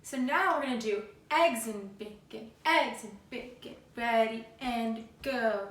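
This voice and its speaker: A woman leads a music class for young children with an upbeat, encouraging voice that sits fairly high. She chants simple rhythms aloud between her instructions. The sound is roomy and distant, with loud noise behind her. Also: a little slow, hardly any pauses. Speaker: elementary music teacher. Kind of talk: remote music lesson for children. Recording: roomy, distant, noisy home video.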